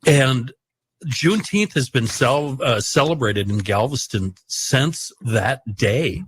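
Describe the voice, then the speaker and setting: A man co-hosts a talk radio show and keeps prodding the others with rhetorical questions. His voice is a little raspy, at a middle pitch. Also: animated, takes it slowly, low-quality recording. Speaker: radio co-host. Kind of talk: casual talk radio banter.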